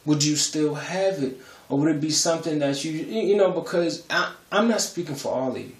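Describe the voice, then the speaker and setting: A man's voice: fairly high pitch, moderate pace, roomy sound. A man giving a casual religious testimony on his vlog, talking in a rambling, conversational way with many fillers. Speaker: video creator sharing a spiritual testimony.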